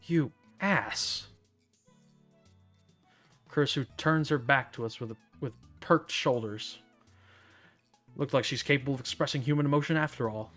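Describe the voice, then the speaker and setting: A man's voice: mid-range voice, fairly quick, fairly bright tone, soft background music. A man streaming a dramatic visual novel read-aloud, narrating in a theatrical, smug first-person voice.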